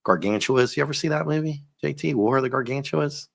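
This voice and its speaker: A man hosting a casual comic book review, joking and animated, often breaking into silly voices. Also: medium pitch, a little fast, creaky, no room sound, studio quality. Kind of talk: casual chat.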